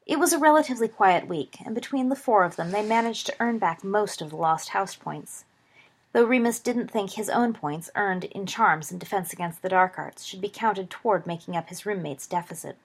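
A woman narrating a story aloud in a calm, even reading style. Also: medium pitch, moderate pace, slightly rough. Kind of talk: audiobook reading of fan fiction.

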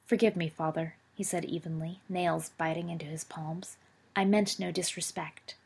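A woman's voice: lowish voice, fairly even intonation, normal speed, gravelly, darkish tone, slightly rough. A woman voicing a mischievous, defiant boy who talks fiercely and cheekily. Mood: stiff.

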